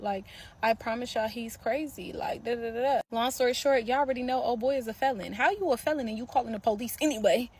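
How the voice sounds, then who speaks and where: Woman, slightly high voice, animated casual storyteller talking to camera. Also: a little fast. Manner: animated, speaks straight to viewers, laughs often.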